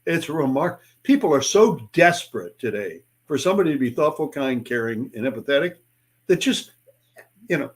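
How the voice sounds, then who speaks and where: Speaking at a normal speed and medium pitch, an older man who writes and speaks about sales tells stories in an interview. He's lively, voicing different characters as he acts out sales exchanges.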